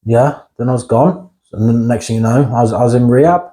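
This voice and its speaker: A man with a dark, mid-range voice talks fast while candidly recounting his life in an interview. His manner is blunt, with some swearing, and he keeps checking in with the listener by asking "right?".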